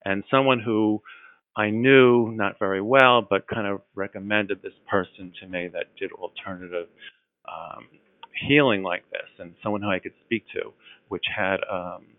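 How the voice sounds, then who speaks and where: An enthusiastic man recounts his experience in a loose, conversational way, stumbling and restarting as he goes. His voice sits low, and the recording is dry and narrow, as if heard over a telephone. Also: normal speed, no echo. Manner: earnest, full of fillers and restarts, enthusiastic. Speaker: guest telling his story. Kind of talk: casual conversational storytelling. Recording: tinny phone-like line.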